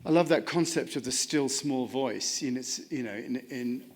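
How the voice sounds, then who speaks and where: A man's voice: medium pitch, moderate pace. A man leading a reflective spiritual discussion in a chapel, earnest and searching, often restarting his sentences. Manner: earnest, searching, many restarts and "you know". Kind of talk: reflective spiritual talk with congregation.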